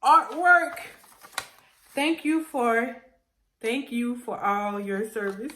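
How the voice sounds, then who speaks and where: Excitable woman vlogging in an echoey room. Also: on the high side, takes it slowly, a little hiss or hum. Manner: goofy, excitable, emotional, jokey. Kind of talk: casual unboxing vlog.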